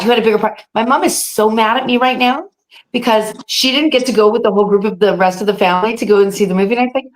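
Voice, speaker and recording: A woman who is a film cast member, a guest telling animated stories with lots of restarts in a casual interview. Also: fairly low pitch, brisk.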